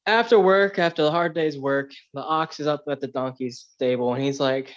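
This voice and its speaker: A man's voice: fairly high pitch, normal speed, hardly any pauses, dull audio. A man on a podcast, chatting loosely and telling a fable, with plenty of "like" and "you know". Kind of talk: casual chat, storytelling.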